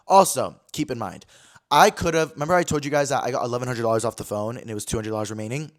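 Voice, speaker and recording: A young man hosting a casual talk show, telling a story in an animated way, acting out quotes and swearing freely. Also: mid-range voice, quick pace. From California. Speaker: podcast host.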